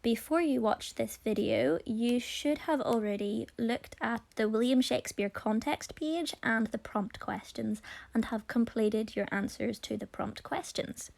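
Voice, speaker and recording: A woman's voice: fairly high pitch, unhurried, vocal fry, darkish tone. A woman teacher talking students through a poem in a recorded lesson, explaining and addressing them directly.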